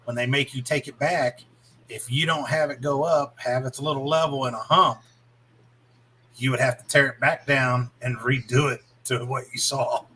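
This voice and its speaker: A man's voice: mid-range voice, steady tone, normal speed, pushed and bright, a little hiss or hum, rough recording. A man co-hosting a casual chat, telling a long, explanatory story about basic training.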